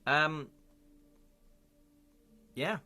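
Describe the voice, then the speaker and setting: A man's voice: on the high side, drawn-out words, pushed and bright. Playful British man hosting a live gamebook. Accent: British English. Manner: playful, jokey and chatty. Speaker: host and narrator of a live interactive gamebook. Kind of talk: live-stream narration with chat voting.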